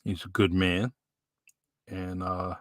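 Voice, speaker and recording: A man with a New England accent hosting a podcast in a relaxed, rambling way with many fillers. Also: low-pitched, slow pace, no echo. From New Bedford, Massachusetts. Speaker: podcast host. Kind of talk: casual live-stream chat.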